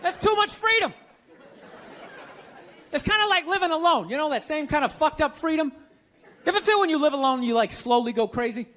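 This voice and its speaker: A man doing a stand-up comedy set on a large stage, ranting sarcastically with lots of swearing and punchy, animated delivery. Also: very high-pitched, brisk, pauses often. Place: large stage before a live audience. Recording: live show, loud crowd laughter.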